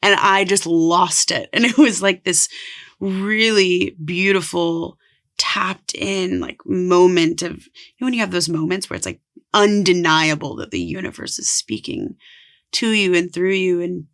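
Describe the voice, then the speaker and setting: An earnest woman tells a personal story as a podcast guest, her voice carrying a gravelly fry at the ends of phrases. She talks casually and leans on "like" as she goes, over a close podcast mic. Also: on the low side, moderate pace, fairly bright tone. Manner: earnest, heavy use of "like". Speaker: podcast guest, spiritual coach.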